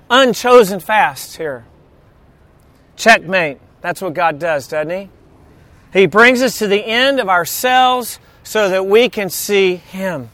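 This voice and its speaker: A man's voice: high voice, pushed and bright, no echo. A man preaching a sermon in a conversational, storytelling way, mixing humor into scripture reading. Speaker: pastor.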